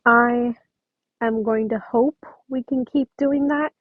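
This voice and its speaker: Woman with a slightly high voice reading fan fiction at home into a dull, close mic; chatty, breaks off for asides. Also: steady tone, takes it slowly, slightly rough, no room sound. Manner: chatty, self-interrupting, apologetic asides. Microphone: home microphone.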